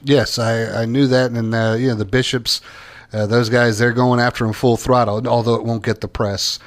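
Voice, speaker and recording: A man's voice: mid-range voice, little pitch movement. Emphatic opinionated male co-host. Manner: emphatic, opinionated, halting restarts. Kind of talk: political talk show commentary.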